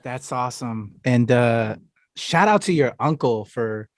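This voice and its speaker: A man's voice: mid-range voice, animated, unhurried, no echo, clean studio sound. A man hosting a podcast interview, enthusiastic and affirming toward his guest. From United States. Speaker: podcast host.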